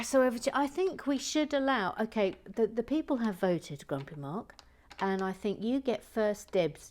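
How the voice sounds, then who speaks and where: A woman with a voice of middling pitch narrates her LEGO build in a casual, chatty way. She talks half to herself in a wry tone and reads viewer comments aloud between steps.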